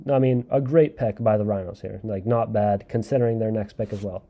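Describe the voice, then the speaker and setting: A man's voice: fairly low pitch, fairly even intonation, fairly quick, phone-quality sound, a little hiss or hum. A man hosting a casual solo podcast, rambling through his opinions and often repeating and correcting himself. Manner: thinks aloud and hedges his takes. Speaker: podcast host reviewing a game league draft.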